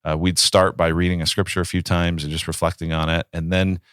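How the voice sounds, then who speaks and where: Deep-voiced man, pastor, casual podcast talk, reflective storyteller, dry close recording. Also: little pitch movement, a little fast, fairly bright tone, smooth, no echo. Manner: reflective, storytelling with acted quotes.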